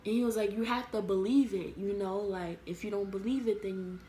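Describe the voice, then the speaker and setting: A woman's voice: medium pitch, fairly even intonation, brisk, warm tone, a little hiss or hum. A young adult woman telling a story from her school days to camera, rambling and full of fillers. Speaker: vlogger. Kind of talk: casual storytime. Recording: echoey room.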